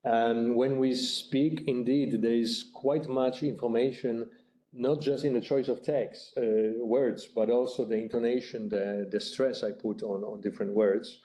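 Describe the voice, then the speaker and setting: A man's voice: mid-range voice, steady tone, measured pace, warm tone, poor audio. A male lecturer giving a live lecture and taking questions, speaking hesitantly with many fillers and restarts. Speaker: university lecturer.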